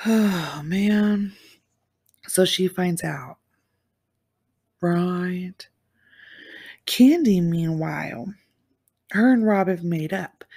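A woman casually recapping a true-crime episode as a show reviewer, animated and exclamatory with slangy asides. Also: mid-range voice, husky.

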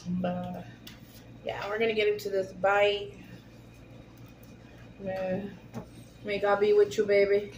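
A woman's voice: medium pitch, little pitch movement, slow, pauses often, darkish tone, lo-fi sound. A woman hosting a casual food-tasting vlog, chatty and giggly, talking straight to her viewers. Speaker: vlog host. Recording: echoey room with faint hiss.

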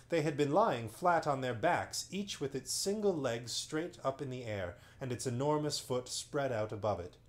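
Expressive man reading a bedtime story. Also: medium pitch. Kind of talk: reading a children's novel aloud on a livestream.

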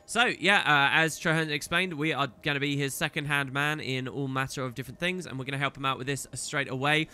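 A man's voice: mid-range voice, fairly even intonation, a little fast, hardly any pauses, smooth. A man hosting a let's play, chatting upbeat with many fillers and reading a story aloud. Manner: upbeat, loud, filler-heavy. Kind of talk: gameplay commentary and story reading.

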